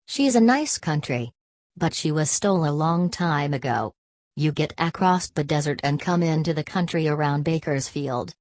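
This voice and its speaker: A woman's voice: low-pitched, lively intonation, normal speed, a little mellow, no room sound. A woman reading the part of a weary migrant father who speaks in a plain, bitter drawl, in an audiobook.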